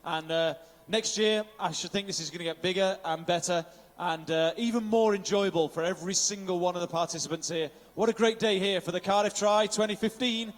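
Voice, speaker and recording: Announcing at the finish of an outdoor triathlon, a man talks a little fast in a high voice with hardly any pauses and a long reverb tail. His upbeat live commentary mixes interviews, lists of finishers' names, and bits of Welsh.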